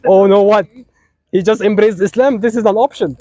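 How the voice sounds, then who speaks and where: A man's voice: high-pitched, normal speed, warm tone, no echo, rough recording. A man with an Egyptian accent officiating a wedding, giving a playful sermon and teasing the couple as he talks to them directly.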